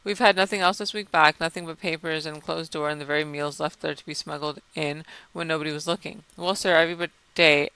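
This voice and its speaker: A man's voice: on the high side, fairly even intonation, fast talker, hardly any pauses, bright, forceful tone, clean tone, dry recording. A man doing a shaken loyal old butler. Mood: urgent. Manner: urgent, shaken, deferential. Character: anxious loyal older male butler.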